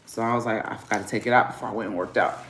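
A man's voice: on the low side, steady tone, rapid-fire, fairly bright tone, slight background noise. A man vlogging at home, venting angrily in a profane, rambling rant from his garage. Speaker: family vlogger. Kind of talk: casual vlog rant. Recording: echoey garage room.

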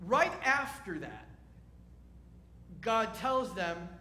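A man's voice: sits high, expressive, a little slow, sharp tone, reverberant. A man preaching a sermon as a rabbi, speaking in a conversational, wry way and asking his listeners questions.

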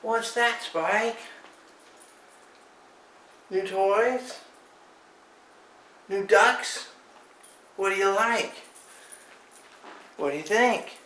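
Middle-aged dog owner filming at home, slow easy talk, bright voice, roomy far-off camera sound. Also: slight background noise. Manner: slow plain narration, high sing-song coaxing when calling the dog. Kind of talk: casual home video narration. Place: indoors at home.

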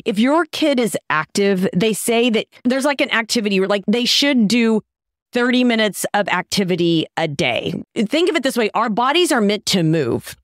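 A woman's voice: a little high, expressive, normal speed, dry recording, clean studio sound. A middle-aged woman, a fitness and nutrition guest on a podcast, giving practical tips casually with lots of "like". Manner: practical, gives tips with many likes.

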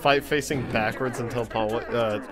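A man co-hosting a live stream, reading out viewer comments in a relaxed, offhand way. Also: medium pitch, normal speed. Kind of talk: casual live-stream chat.

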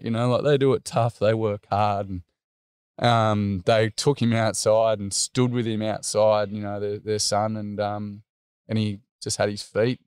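A man's voice: fairly low pitch, darkish tone, clear, resonant tone, no echo, studio quality. A middle-aged Australian man telling a personal story earnestly, with many fillers. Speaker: interview guest.

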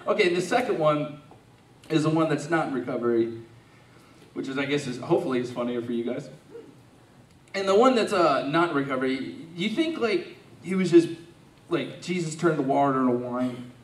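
A young man doing a stand-up set, his voice a bit high and swinging lively up and down as he rambles through the bit with restarts and fillers. He is recorded from a distance in a roomy, echoing club. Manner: rambling, halting delivery full of likes and restarts. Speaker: stand-up comedian. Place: comedy club stage.

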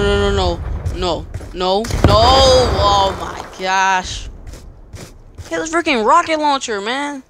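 A young man commentating his own gameplay, excitable, yelping and shouting in panic and repeating words rapidly. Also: high voice. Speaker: gamer. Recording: noisy game audio behind.

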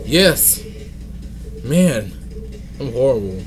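A man's voice: medium pitch, sing-song, very slow, slight background noise. A young man giving playful let's-play commentary, singing silly made-up tunes and scolding the game. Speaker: gaming channel host.

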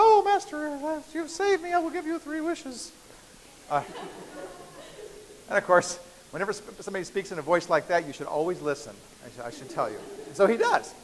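Speaking in a high-pitched, fairly bright voice, a male lecturer jokes and chats his way through a university biochemistry class, regularly checking in with students. It's captured in a big lecture hall, with hiss and lingering reverb.

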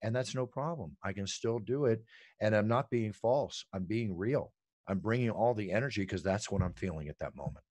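A middle-aged man telling stories in an animated, emphatic way as an interview guest. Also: lowish voice, normal speed, dry recording. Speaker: ring announcer and guest. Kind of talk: energetic interview talk.

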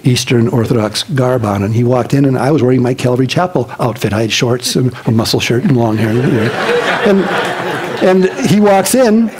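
A pastor giving a casual, chatty sermon, telling personal stories in an animated way and laughing along the way. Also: male voice, medium pitch, normal speed, a faint crowd, low-quality recording.

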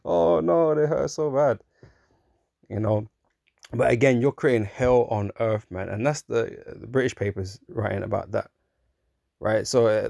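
A man's voice: lowish voice, gravelly, mellow, no room sound, studio quality. A man giving an informal preaching monologue, talking conversationally, often asking "right?", chuckling and mocking in put-on voices. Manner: chuckles through his points, mocks in put-on voices. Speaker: religious commentator.

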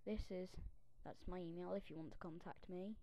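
A woman's voice: on the low side, fairly even intonation, moderate pace, warm tone, lo-fi sound. A young woman giving a casual tour of her website while screen recording, in a theatrical, self-mocking way with grumbling asides.

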